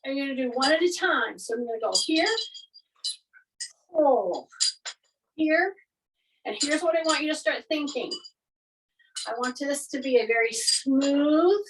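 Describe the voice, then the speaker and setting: A woman fitness instructor leading a guided workout class, giving steady coaching cues while exercising along. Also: sits high, unhurried, pauses often, distant mic, noisy background.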